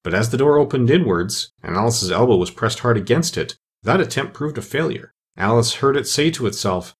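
Expressive male audiobook narrator, very lively pitch, slightly husky. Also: fairly quick. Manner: expressive storytelling.

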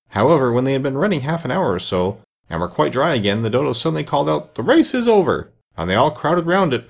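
A man's voice: medium pitch, breathy edge. A man reading a classic children's story aloud, narrating expressively. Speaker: reader.

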